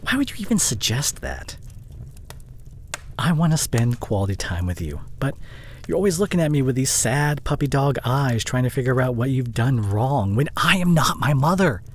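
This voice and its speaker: An overworked young boyfriend with a short fuse but a loving heart, as a man acts him out. His pitch swings widely as he talks close to the mic in an intimate audio roleplay drama. A faint hiss sits under his voice. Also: expressive, moderate pace, natural voice, low-quality recording. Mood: frustrated, heated. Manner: emotionally charged, intimate second-person address. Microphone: close studio condenser mic.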